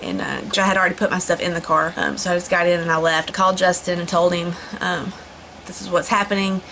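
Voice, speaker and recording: A woman's voice: lowish voice, steady tone, fast talker, creaky, bright, forceful tone, slight background noise, rough recording. Chatty young woman telling a story. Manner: rambling, with many fillers and restarts. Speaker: vlogger. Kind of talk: casual storytelling vlog.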